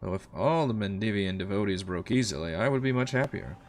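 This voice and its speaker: A man's voice: fairly low pitch, expressive, a little fast, slight background noise. A man reading a smug, sneering male noble companion aloud from a game's text. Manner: sneering, mocking.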